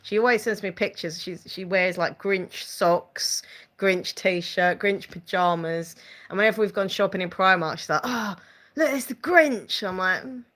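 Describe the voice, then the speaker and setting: A woman's voice: mid-range voice, a little slow, a bit bright. A woman hosting a casual live-stream chat, giggling often and reading out viewer comments. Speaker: channel host chatting with live viewers.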